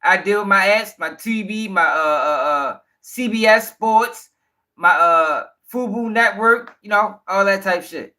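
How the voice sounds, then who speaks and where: A man's voice: high-pitched, measured pace, pushed and bright. A man hosting a livestream commentary show, talking bluntly and profanely and firing back directly at viewers in the chat.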